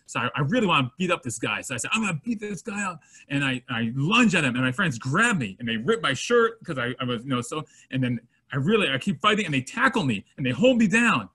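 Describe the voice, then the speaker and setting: A fast-talking man with a slightly high, breathy voice leads a Torah lesson for students. Weaving Hebrew terminology into his English, he lively plays out ordinary scenes, voicing the people involved.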